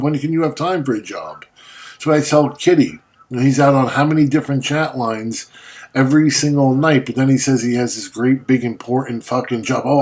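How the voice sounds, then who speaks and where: A man ranting at a rival in a video monologue, confrontational and mocking, swearing often, just after waking up. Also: mid-range voice. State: just woken up. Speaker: vlogger.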